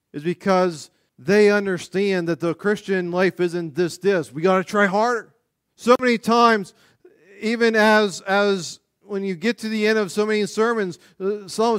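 A male pastor preaching a sermon in an animated, conversational way, often restarting his sentences. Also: sits high, smooth, no room sound, studio quality.

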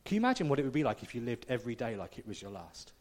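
A man's voice: medium pitch, big pitch swings, racing. A man preaching a conversational, self-deprecating sermon, often checking in with the congregation. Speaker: pastor.

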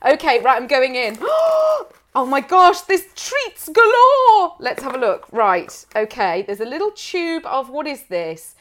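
A woman's voice: high voice, expressive, moderate pace, hardly any pauses, fairly bright tone. A woman co-hosting a podcast in casual, affectionate chat, gushing and giggly. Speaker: podcast co-host.

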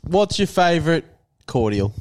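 A man's voice: on the high side, big pitch swings, normal speed, a little mellow, slight background noise. A young New man co-hosting a podcast, laid-back with short replies, steering the casual chat. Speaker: podcast co-host.

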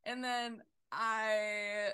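A young woman co-hosting a casual podcast, telling a story with loud, sweary outbursts. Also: a little high, flat delivery, drawn-out words, smooth, no room sound. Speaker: podcast co-host. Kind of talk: casual chat.

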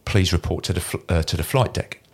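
A middle-aged man, a former Royal Marine guest telling an animated war anecdote in a casual interview. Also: low voice, a little fast, slightly rough. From Kent, England. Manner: animated anecdote teller, mimics voices in quoted lines.

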